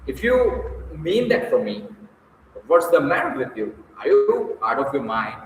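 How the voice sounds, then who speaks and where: A man voicing a pompous, self-righteous middle-aged gentleman who lectures in a stilted way, in a story reading. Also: mid-range voice, sing-song, unhurried. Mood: indignant. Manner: stilted, lecturing, turns flustered. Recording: echoey distant room, long reverb.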